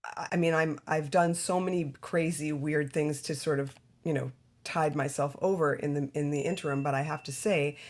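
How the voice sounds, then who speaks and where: A woman's voice: low voice, steady tone, moderate pace, darkish tone. A woman actress as a podcast guest, telling her career story in a chatty way with many restarts and asides. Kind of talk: casual interview storytelling.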